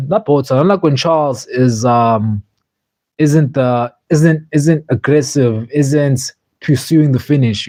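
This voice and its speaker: A man chatting casually on a livestream, rambling and restarting his sentences with plenty of fillers. His voice sits a little high for a man. The sound is dry and close, with no room around it. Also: a little mellow, no echo. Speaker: streamer reviewing fights.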